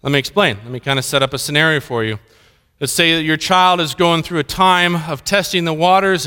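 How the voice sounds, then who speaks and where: A man's voice: high voice, bright, forceful tone, clear, resonant tone. A middle-aged man preaching a sermon, telling stories and acting out the dialogue in them. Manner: storytelling, acts out dialogue in anecdotes. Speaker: pastor. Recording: reverberant hall.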